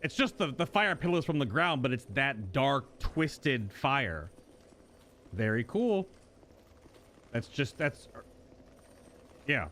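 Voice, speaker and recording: A man in mid-range pitch giving casual gameplay commentary. His voice swings widely up and down as he thinks aloud and breaks into sudden exclamations. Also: big pitch swings, slow, pauses often, a bit bright, a little hiss or hum. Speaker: gaming host.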